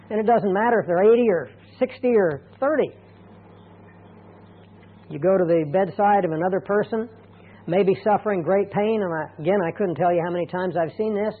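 A middle-aged man preaching a sermon as a pastor, earnest and deliberate, slowing down to stress key points. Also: high voice. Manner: earnest, deliberate, slows down for emphasis. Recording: tinny phone-like radio broadcast.

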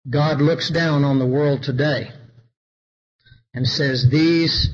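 A man's voice: medium pitch, fairly even intonation, takes it slowly, highs cut off. A man preaching a sermon, reading scripture aloud and rising into emphatic declamation. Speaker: pastor.

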